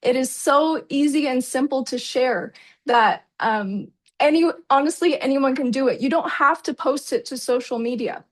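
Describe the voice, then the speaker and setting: A woman's voice: sits high, moderate pace. A woman presenter telling a personal travel story in an enthusiastic, chatty way, often calling the audience "you guys.". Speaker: presenter at a product launch.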